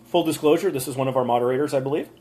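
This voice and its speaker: A man with a medium-pitched, warm voice talks rapid-fire over slight background noise. He's live-streaming on his phone from a motel room, loosely chatting through viewers' channel reviews. It's casual commentary, rambling and full of ums, with the occasional small rant.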